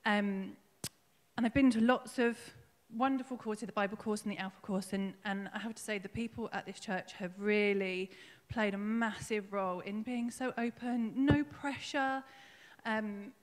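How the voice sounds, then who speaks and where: A woman's voice: medium pitch, fairly even intonation, normal speed, big-room sound. A woman nervously and emotionally telling her personal faith story at a church service, with many ums. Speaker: congregation member giving a baptism testimony. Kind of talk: spoken personal testimony in church. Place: church hall.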